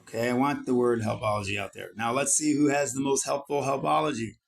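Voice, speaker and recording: A man's voice: mid-range voice, fairly even intonation, a little fast, creaky. A middle-aged man from Italy, talking in a brash, combative monologue full of swearing while he edits his page. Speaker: founder and vlogger. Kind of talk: profane self-promoting monologue while editing a page.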